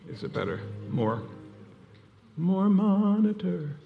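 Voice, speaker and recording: A man's voice: high-pitched, big pitch swings, takes it slowly, creaky, narrow, tinny audio. A man preaching a sermon, telling a story with energy and acting out the voices of the people in it. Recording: hall reverb with music behind. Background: music.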